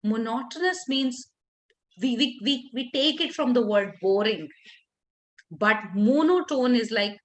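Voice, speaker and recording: A woman leading a workshop for teachers, talking expressively with lively intonation and frequent restarts. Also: on the high side, a little slow. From India.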